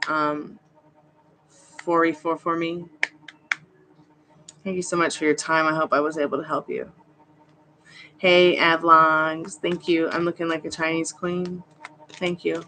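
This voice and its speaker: A woman's voice: sits low, steady tone, a little slow, pauses often, pushed and bright, slight background noise. A woman hosting a live tarot reading stream, chatty and reassuring as she greets viewers by name. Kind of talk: casual live-stream chat.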